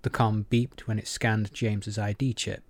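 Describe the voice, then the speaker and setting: A man narrating an audiobook in a measured, even manner. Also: on the low side, no room sound.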